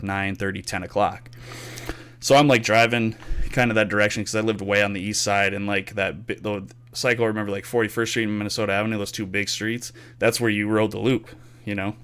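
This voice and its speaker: A young man with a fairly low pitch and a clean tone hosts a laid-back podcast where he tells stories about gaming. He swears freely, acts out quotes, and keeps the storytelling chat animated.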